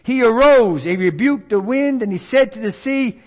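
A man's voice: very high-pitched, animated, moderate pace, a little mellow. A man preaching a folksy sermon, acting out the voices of others. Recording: long reverb of a large hall.

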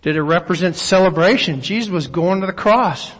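Male pastor, high voice, reflective sermon delivery, reverberant hall. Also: fairly quick. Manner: reflective, asks rhetorical questions; reads scripture aloud at length. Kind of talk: sermon with scripture reading.

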